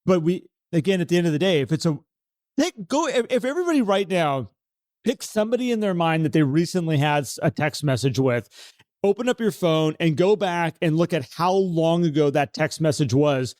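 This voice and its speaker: A man co-hosting a podcast in casual conversation, animated and acting out the voices he quotes. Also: fairly high pitch, a little fast, dry recording, clean studio sound. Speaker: podcast co-host.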